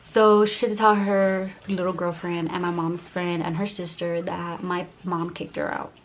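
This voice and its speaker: A woman's voice: on the low side, level tone, normal speed, a little hiss or hum. A young woman telling a heated storytime vlog, profane and full of "like" fillers. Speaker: YouTuber.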